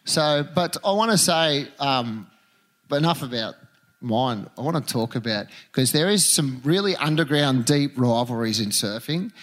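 A man's voice: medium pitch, animated, moderate pace, a bit bright. A man hosting a casual chat, telling stories with laughter and swearing. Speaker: podcast host, surfer.

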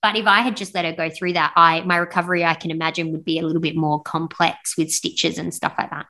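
A young woman, a podcast guest telling her birth story in a frank, animated way with blunt swearing. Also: sits low, quick pace. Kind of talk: casual storytelling interview.

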